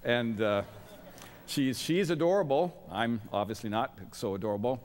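A man's voice: medium pitch, lively intonation, moderate pace. Middle-aged guy preaching at a college chapel, dry self-mocking jokes, voice ringing through a big hall. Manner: wry, self-deprecating humor. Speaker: guest chapel speaker. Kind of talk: sermon. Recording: long reverb of a large chapel.

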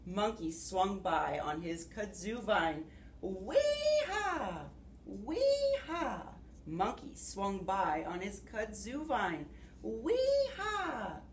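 A woman preschool teacher leading circle time and reading a storybook aloud, giving gentle, encouraging instructions to young children. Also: lowish voice, slow, few pauses, far from the mic. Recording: echoey room with faint background hiss.

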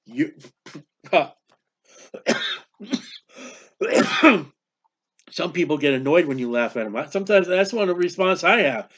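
A man preaching a sermon, animated and emphatic, reading scripture aloud. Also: on the high side, slow, long pauses, slightly rough. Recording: dull lo-fi sound.

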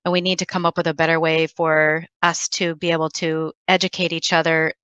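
A woman with a bright, clear voice talks thoughtfully on a video call, pausing on fillers as she works through her ideas. The sound is close and dry. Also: low voice, little pitch movement, no room sound, lo-fi sound. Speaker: panelist. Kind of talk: conversational panel discussion.

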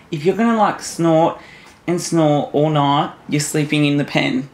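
A man chatting to his new puppy at home at night in soft, doting baby talk, often shushing it. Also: a little high, normal speed. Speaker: vlogger. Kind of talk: casual chat with a new puppy. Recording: roomy echo, faint room noise.

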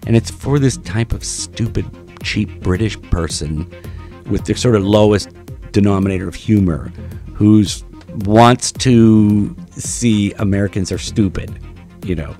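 A man hosting a commentary video, ranting profanely in a sneering, halting way. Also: on the low side, warm tone, faint music behind.

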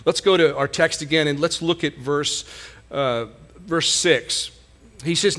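Male pastor, high and bright-toned, conversational sermon delivery full of rhetorical questions. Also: a little slow.

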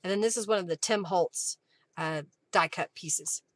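A woman's voice: on the low side, normal speed, dry recording. A woman hosting a live craft session, chatting casually and reading viewer comments aloud with frequent laughs. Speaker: craft livestream host.

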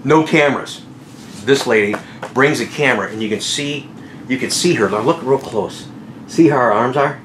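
A middle-aged man telling stories about his car sales career in a casual vlog, excited, often laughing and acting out what people said. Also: medium pitch, normal speed, roomy sound, background noise. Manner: excitable, laughing, acts out quotes. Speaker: car salesman and channel host.

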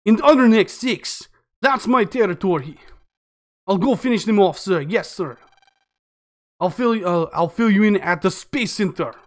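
A cold, formal young soldier speaks in a mock Russian accent, clipped and scornful, as a man puts him on. The voice sits high for a man. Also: lively intonation, normal speed. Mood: curt. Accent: put-on Russian. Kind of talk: game dialogue read aloud.

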